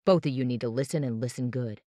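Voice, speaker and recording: A man's voice: medium pitch, quick pace, mellow, no room sound, close to an everyday voice. A reader playing a protective male cop who gives orders like a drill sergeant. His voice stays near the narrator's own, firm and clipped. The recording is dry and close. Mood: stern. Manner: stern and commanding. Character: protective male police officer. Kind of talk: audiobook character voice.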